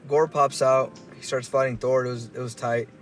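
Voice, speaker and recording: A man's voice: mid-range voice, little pitch movement, moderate pace. A man co-hosting a casual podcast, recapping movie scenes in slangy talk. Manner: laid-back, slangy, recounts scenes. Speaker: podcast co-host. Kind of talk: casual movie review chat. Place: collectibles shop.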